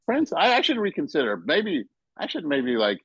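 Animated storytelling man, lively swooping pitch. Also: normal speed, husky, dry recording. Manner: animated storyteller, acts out quotes loudly. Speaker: podcast guest, basketball writer. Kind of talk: casual podcast chat.

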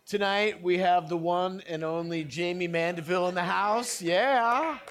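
A man's voice: high voice, a little slow, fairly bright tone. A man hosting a podcast event, asking questions and joking around in a playful, casual way. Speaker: podcast host. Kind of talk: casual hosted chat.

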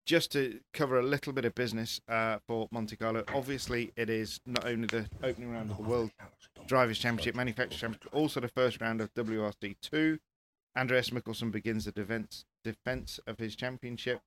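A man talking rally as a pundit in casual panel chat, animated and repeating words as he presses his points. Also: medium pitch, brisk, a little hiss or hum.

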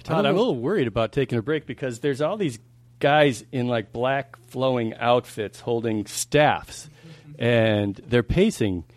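A man co-hosting a comedy podcast, teasing in a deadpan, wry way. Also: mid-range voice, a little slow, dry recording. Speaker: podcast co-host. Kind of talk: casual comedic banter.

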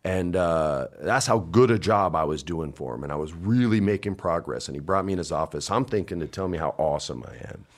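A man in his forties, a podcast guest telling stories in casual chat, swinging from hushed to loud. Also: deep voice, animated, brisk, hardly any pauses. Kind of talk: casual storytelling.

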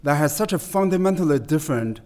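Halting analytical man, lots of fillers. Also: a little high, lively intonation, a little mellow. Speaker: guest expert on economics. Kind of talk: conversational interview answer.

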